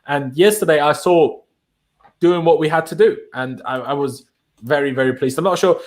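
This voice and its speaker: A man's voice: fairly high pitch, moderate pace. A man hosting a casual football talk show, chatty and rambling, often restarting his sentences. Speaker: podcast host.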